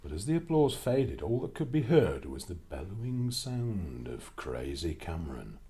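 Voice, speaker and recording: A man reads a children's storybook aloud in a fairly low voice. His pitch rises and falls a great deal, and his reading is expressive and lively. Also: moderate pace, hardly any pauses.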